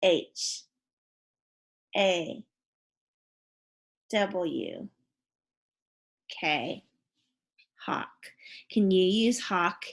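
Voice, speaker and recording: Slow, lively-pitched woman teaching phonics. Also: gravelly. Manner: slow, deliberate, encouraging classroom delivery with questions to pupils. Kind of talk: phonics and spelling lesson to young pupils.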